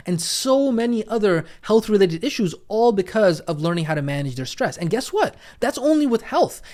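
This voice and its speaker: A man teaching a coaching lesson, energetic and animated, often checking in with "right?" and acting out lines in shifting tones. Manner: energetic, demonstrates tonality with big pitch swings. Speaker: coaching instructor. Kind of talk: training lesson walking through a coaching script.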